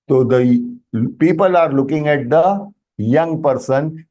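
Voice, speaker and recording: A man's voice: a little high, a little slow. A man with an Indian English accent teaching Sanskrit in an online class, explaining patiently and checking with students, slipping into Hindi phrases. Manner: animated explaining, often checks with "Am I right?".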